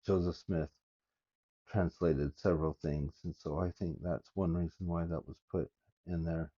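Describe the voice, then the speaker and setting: An older man reading scripture aloud and musing over it in a halting, thinking-aloud way, recorded on his phone. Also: low voice, fairly even intonation, mellow, husky, muffled recording. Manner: reads verses aloud with halting, thinking-aloud asides. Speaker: scripture study vlogger. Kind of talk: casual scripture study talk.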